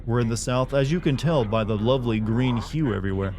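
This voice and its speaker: A man's voice: mid-range voice, brisk, a crowd in the background. An American man streaming a game live, joking and chatting with his viewers as he plays. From United States. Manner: joking, chatty, talks to chat while playing. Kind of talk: live gameplay commentary.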